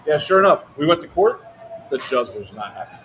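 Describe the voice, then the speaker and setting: Guy rattling off a wild story real fast, swearing a lot, noisy event behind him. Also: fairly high pitch. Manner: fast, animated, swearing anecdote teller. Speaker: livestream co-host. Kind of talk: casual storytelling. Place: outdoor airsoft event.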